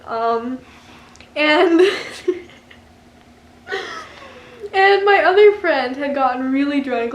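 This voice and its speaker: A woman's voice: high-pitched, echoey room. A young woman telling a story to camera in a casual vlog, laughing often as she goes. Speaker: vlogger.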